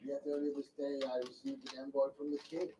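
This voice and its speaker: A man's voice: medium pitch, monotone, fairly quick, mellow, natural voice. An actor playing a scornful older male lord who speaks in a contemptuous, commanding way. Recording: muffled TV audio, heard from afar.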